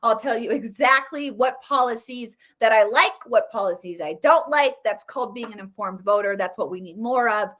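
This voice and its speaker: A woman's voice: fairly high pitch, moderate pace, hardly any pauses, a bit bright. A woman giving casual political commentary, emphatic and repeating her points. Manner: emphatic, repetitive.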